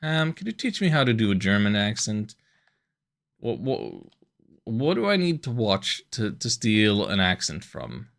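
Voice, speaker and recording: Gravelly-voiced man streaming a game. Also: lowish voice, huge pitch swings, a little slow, a bit bright. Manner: joking, rambling asides. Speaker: streamer playing a video game. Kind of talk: casual gameplay commentary.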